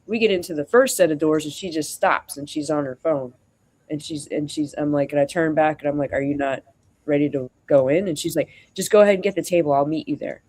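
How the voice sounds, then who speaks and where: Rambling streamer venting at mid pitch. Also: a little fast, darkish tone. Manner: rambling, acts out quoted dialogue, frequent fillers. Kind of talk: venting casual storytelling.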